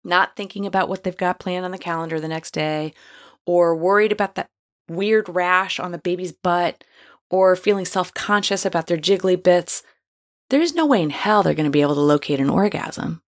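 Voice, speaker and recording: A woman with a somewhat low voice talks through a scripted advice monologue. She is frank and playful, encouraging her listeners and slipping into casual slang. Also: moderate pace.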